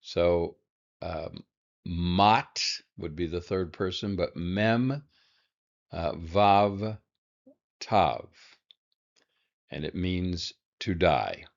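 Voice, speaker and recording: A man walks through a lesson slowly, in a very deep voice. He halts often with fillers and drops in dry little asides. The recording sounds a bit dull and lo-fi. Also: creaky. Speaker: Hebrew teacher.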